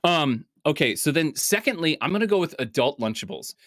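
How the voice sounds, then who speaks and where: A man co-hosting a casual chat show, rambling and animated, swearing freely as he jumps between topics. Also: a little high, a little fast, dry recording, clean studio sound. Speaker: podcast co-host.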